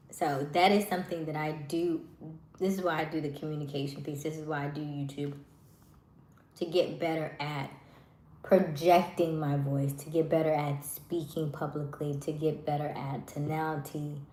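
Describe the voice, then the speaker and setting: A woman hosting a live stream, chatting casually with viewers in a soft voice that trails off at the ends of words. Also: deep voice, unhurried, long pauses, echoey room. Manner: chatty, many fillers.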